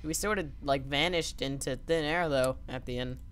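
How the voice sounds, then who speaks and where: A woman's voice: extremely low pitch, normal speed, over loud music. A woman commentating on a video game, playful and joking, often yelping. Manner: playful, yelps and jokes. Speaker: gaming commentator. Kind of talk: let's play commentary. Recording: background noise.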